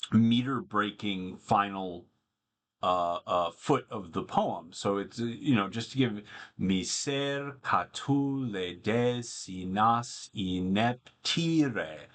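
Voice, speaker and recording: A man teaching a Latin poem in a casual spoken lesson, explaining in an easygoing way and thinking aloud with pauses. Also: fairly low pitch. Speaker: Latin and Greek tutor.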